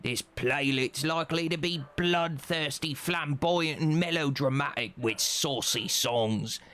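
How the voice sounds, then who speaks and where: A man's voice: fairly high pitch, measured pace, fairly bright tone, a little hiss or hum. An actor voicing a dry, observational male protagonist in a game. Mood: wry.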